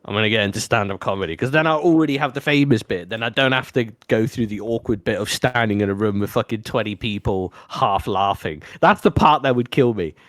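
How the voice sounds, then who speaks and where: A young man originally from Africa, co-hosting a podcast and telling a long story in a casual, swearing, animated way. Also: on the low side, fairly quick, hardly any pauses, no echo. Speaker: podcast co-host.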